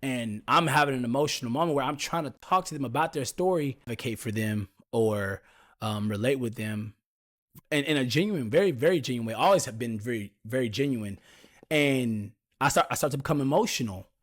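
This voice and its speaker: A man's voice: medium pitch, fairly quick, a bit bright. A young man, hosting a podcast and telling a personal story in a candid, confiding way, talking straight to his listeners. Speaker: podcast host.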